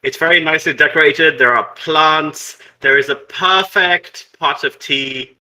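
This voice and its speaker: A man's voice: fairly high pitch, a little slow, bright, forceful tone, rough recording. A man narrating as game master of a tabletop game in a casual way, with many ums and restarts.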